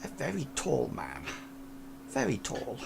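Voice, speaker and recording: A man voicing a timid, wary elderly woman neighbor in a tabletop game, with a soft, quavering old-lady voice. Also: mid-range voice, wildly swooping pitch, measured pace, vocal fry, background noise, exaggerated voice. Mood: fearful. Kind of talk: tabletop game role-play.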